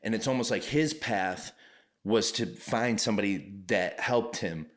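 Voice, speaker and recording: A man with a very deep voice holds forth on a casual podcast, swearing often. He tells his stories with rising heat and ranting energy. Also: a little slow. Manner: profane, ranting, animated storytelling. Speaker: podcast co-host. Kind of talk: casual chat.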